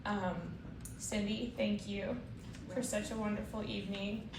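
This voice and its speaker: Emotional young bride thanking guests. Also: female voice, medium pitch, little pitch movement, a little slow. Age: young adult. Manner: grateful, emotional, says y'all often. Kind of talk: wedding speech. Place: indoor party venue. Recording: echoey room from far off, loud party noise.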